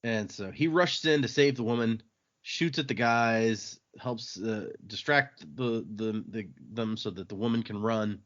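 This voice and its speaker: A man's voice: on the low side, measured pace, fairly bright tone, dull audio. A man hosting a podcast, casually recapping a novel's chapters with fillers and a loose, chatty manner. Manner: rambling, with fillers and laughs, acting out quotes. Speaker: podcast host.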